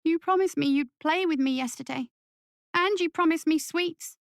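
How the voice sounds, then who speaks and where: A woman's voice: extremely high pitch, normal speed, gravelly, dry recording, studio quality, voice pushed up. A woman voicing a young boy who sounds hurt and eager, talking in a pleading, childlike way.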